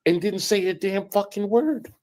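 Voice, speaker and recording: A man with a slightly raised voice recounts a grievance on a streamed panel. He sounds aggrieved and animated, acting out the back-and-forth lines of the people he quarrelled with. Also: high voice, moderate pace, low-quality recording. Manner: aggrieved, animated, acts out quoted dialogue. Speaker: panel guest. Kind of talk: heated storytelling on a stream panel.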